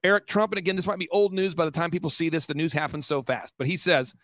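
Casting: middle-aged man, fairly high voice, dry close sound, emphatic repetitive storyteller. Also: steady tone, fairly bright tone, dry recording. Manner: fast-paced, repetitive, emphatic. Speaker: guest. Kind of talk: animated storytelling.

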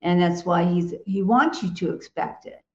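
A woman's voice: fairly low pitch, normal speed. Emphatic woman in a dull, roomy recording. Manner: emphatic and assured, with laughs. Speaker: co-host. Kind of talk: casual Christian talk show chat.

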